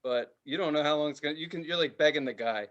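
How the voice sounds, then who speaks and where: A man in his thirties, hosting a casual podcast and telling a story with loud voices and plenty of swearing. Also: fairly high pitch, fast talker, dull audio. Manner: animated, profane, does loud voices in his stories. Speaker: podcast host.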